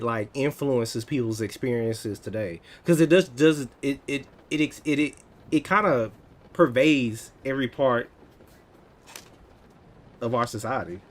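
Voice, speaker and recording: An American man in his thirties, chatting casually on a livestream, answering viewers in an animated, teasing way. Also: mid-range voice. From United States. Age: 30s. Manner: animated, teasing, laughs often.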